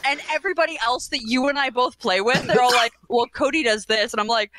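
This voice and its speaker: A woman's voice: a little high, quick pace, noisy background. A woman co-hosting a casual review show, telling stories emphatically and playfully. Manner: emphatic, tells stories playfully with voiced quotes. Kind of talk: casual video-call chat.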